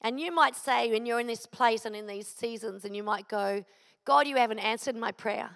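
A middle-aged woman preacher gives an earnest sermon built around a personal testimony, hammering her points home with repeated phrases. Her fairly high, fairly bright voice has vocal fry and a moderate pace, and a long hall reverb fills the recording.

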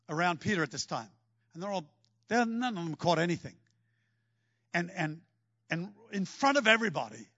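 A man preaching a sermon, telling stories with lively energy and acting out the scenes he describes. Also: high voice, breathy edge, dry recording, muffled recording. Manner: animated storytelling, acts out scenes.

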